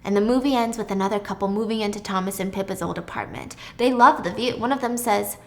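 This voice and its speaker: A woman's voice: mid-range voice, fast talker, hardly any pauses, darkish tone. A young woman hosting a casual show, retelling a plot dramatically and swearing freely. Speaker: host. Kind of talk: casual storytelling recap.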